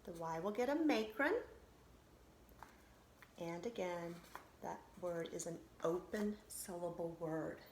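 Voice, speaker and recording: A woman's voice: on the low side, takes it slowly, long pauses, a little mellow, echoey room, slight background noise. A woman teacher giving a recorded phonics lesson to children, patiently sounding out syllables and reassuring them.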